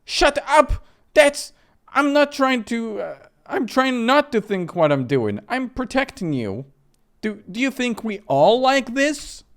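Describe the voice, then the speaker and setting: Man playing a panicked nun, shrill, yelling, very lively pitch. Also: slow pace, full character voice. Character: panicked armed middle-aged nun.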